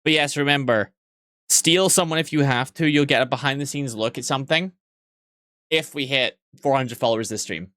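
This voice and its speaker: A man's voice: mid-range voice, moderate pace, sharp tone, no echo, clean studio sound. A man live-streaming and joking crudely with his chat, sleep-deprived yet weirdly awake, in a playful teasing manner.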